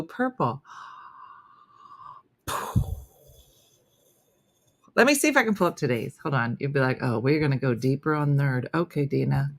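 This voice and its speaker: A woman comedian hosting a live morning show, chatting casually and self-deprecatingly, reading viewer comments as she goes. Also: fairly low pitch. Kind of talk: casual live-stream chat.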